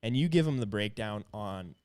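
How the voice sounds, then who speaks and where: A man's voice: lowish voice, lively intonation, normal speed, darkish tone. A man hosting a casual livestream chat, upbeat and chatty with plenty of fillers. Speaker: livestream host.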